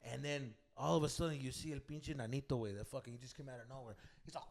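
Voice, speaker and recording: A man on a podcast, telling a fight story in casual, profane talk, mixing in Spanish slang and loudly acting out the people in it. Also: mid-range voice, rapid-fire, gravelly. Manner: animated, profane, mixes Spanish slang, acts out voices loudly. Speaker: podcast co-host. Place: green room of a comedy club.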